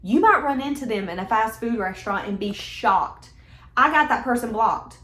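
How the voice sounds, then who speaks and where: A woman's voice: fairly high pitch, animated, normal speed, a bit bright. A woman giving a casual tarot reading in a chatty, emphatic, conversational way. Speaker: tarot reader. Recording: echoey room.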